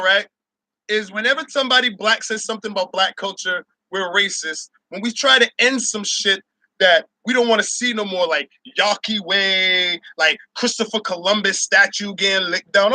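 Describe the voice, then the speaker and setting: Male host, high and sharp-toned, profane laughing rant, dry mic. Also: no room sound. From Barbados. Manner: loud, profane, laughing, mocks others in shouted voices. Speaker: show host. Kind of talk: ranting opinion monologue.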